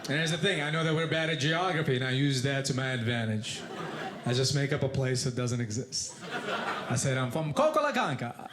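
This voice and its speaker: A man with a foreign accent doing animated stand-up storytelling with deadpan asides on a comedy club stage. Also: mid-range voice, fairly quick, a loud crowd. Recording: echoey club with loud laughter.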